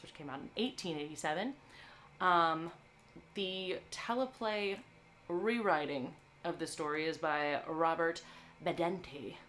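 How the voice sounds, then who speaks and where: A woman's voice: fairly low pitch, a bit bright, slight background noise. A woman hosting a live movie stream, talking to her chat in a playful, chatty way.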